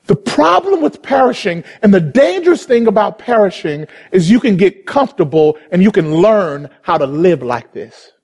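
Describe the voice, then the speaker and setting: A man preaching a sermon in a California church, passionate and repetitive, swinging between rapid bursts and slow, drawn-out phrases. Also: high voice, big pitch swings, a little mellow, husky. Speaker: pastor.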